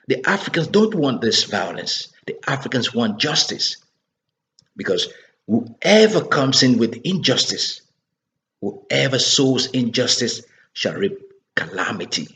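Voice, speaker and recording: A man's voice: medium pitch, very animated, measured pace, a bit bright. A man delivering an impassioned political monologue, scolding and asking rhetorical questions again and again. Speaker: political commentator. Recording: dull lo-fi recording.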